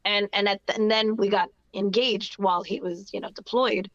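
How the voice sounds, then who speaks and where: A woman's voice: mid-range voice, fairly even intonation, moderate pace, a bit bright. Chatty New Jersey woman guest, slightly muffled. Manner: chatty, upbeat, many fillers and restarts. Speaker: guest singer-songwriter. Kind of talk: casual interview chat.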